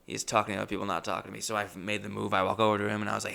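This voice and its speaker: A man with a gravelly, creaky voice tells a comic story in an animated monologue. His tone is bright and forceful. He talks in a profane, exasperated way. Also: on the low side, rapid-fire, few pauses. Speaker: comedian.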